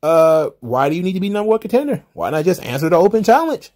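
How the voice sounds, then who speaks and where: A man's voice: sits high, big pitch swings, fast, a little mellow. A man hosting casual solo wrestling recap commentary, rambling and wry, often exasperated, with the odd swear.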